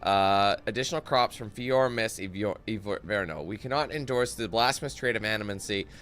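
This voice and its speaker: A man's voice: lowish voice, a little fast, fairly bright tone, smooth, soft background music. A young man giving casual, joking gameplay commentary, reading in-game texts aloud and breaking off into parody singing.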